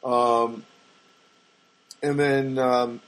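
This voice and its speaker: A man's voice: medium pitch, little pitch movement, very slow, fairly bright tone. An older man hosting a casual solo podcast, telling rambling everyday anecdotes with wry asides and frequent self-corrections. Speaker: podcast host.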